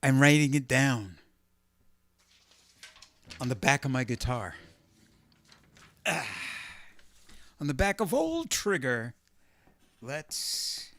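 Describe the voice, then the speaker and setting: A man's voice: mid-range voice, sing-song, slow pace, long pauses. A man, a guitarist hosting a live stream, chatting casually with viewers, rambling, thinking aloud and making self-deprecating jokes. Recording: loud guitar playing behind the voice.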